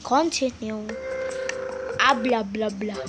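A woman hosting a gaming video, commenting in a halting, simple way, easily spooked and often calling out to her viewers. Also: a little high. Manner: halting, simple phrasing, often calls out to "guys". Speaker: gaming channel host. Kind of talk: let's-play commentary. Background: game music.

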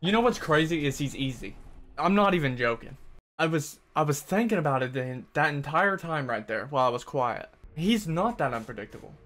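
A man's voice: on the high side, lively intonation, a little fast, a bit bright. Sarcastic, swearing male gaming streamer. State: sweaty and worked up. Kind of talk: live gameplay commentary.

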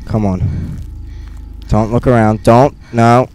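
A young gamer with a medium-pitched, steady voice speaks slowly through nervous let's play commentary on a horror game, muttering to himself and bursting into panicked yelps. He's recorded on a gaming headset in a dark room, with slight background noise.

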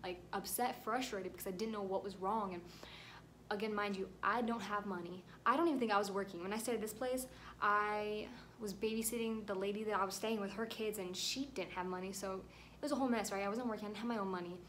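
A woman's voice: mid-range voice, steady tone, fast talker, fairly bright tone, slight background noise. A young woman telling a rambling, emotional storytime vlog at home, at times close to tears. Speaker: vlogger.

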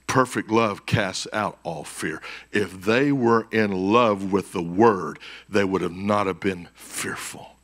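A man preaching a conference sermon as pastor, swinging between shouted peaks and hushed, quiet passages. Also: lowish voice, slow, hardly any pauses. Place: church conference stage.

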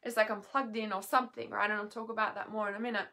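A woman's voice: medium pitch, level tone, very fast, vocal fry, pushed and bright. Worn-out woman venting, swearing freely. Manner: raw, swearing, restless, trailing off and restarting. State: tired, emotionally worn. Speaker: healer and mentor vlogger. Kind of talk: emotional unscripted monologue. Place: at home, in bed.

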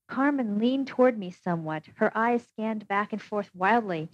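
A woman narrating an audiobook in a steady, measured first-person reading. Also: a little high, dry recording. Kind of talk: scripted narration. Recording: dull, dry lo-fi recording.

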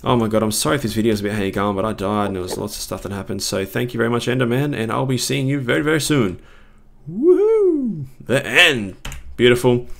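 A man's voice: mid-range voice, fast talker, gravelly, fairly bright tone. A man commentating his own gameplay live, swinging between panic and cheering. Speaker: gaming video creator.

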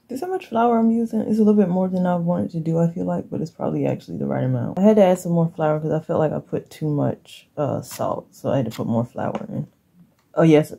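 A woman's voice: low voice, gravelly, mellow, low-quality recording. Rambling woman vlogging at home. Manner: rambling, thinking aloud, chuckles often. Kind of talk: casual vlog chat to viewers. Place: home kitchen.

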